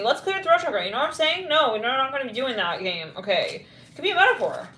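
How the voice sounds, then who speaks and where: A woman's voice: high voice, big pitch swings, fast, fairly bright tone, reverberant, slight background noise. A woman giving a casual tarot reading, rambling and blunt with lots of fillers. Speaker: tarot reader.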